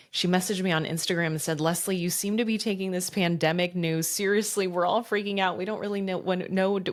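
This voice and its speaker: A woman in her thirties hosting a podcast, telling her own story in an earnest, reflective way with rhetorical questions. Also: low voice. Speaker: podcast host. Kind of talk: personal storytelling monologue.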